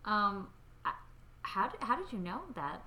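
A woman's voice: medium pitch, very animated, measured pace, bright, forceful tone, exaggerated voice. A woman improvising an eager young casino worker in a tabletop role-play, flustered and pleading.

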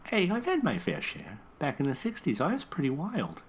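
A man's voice: a little high, wildly swooping pitch, normal speed, voice pushed up. A man voicing Iris, a chatty older woman who used to be wild, talking in a gossipy, casual way.

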